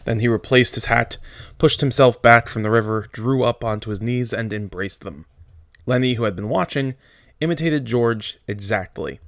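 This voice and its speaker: A male teacher reading a novel aloud to his class in a steady, plain storytelling manner. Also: mid-range voice, normal speed, no room sound, clean studio sound.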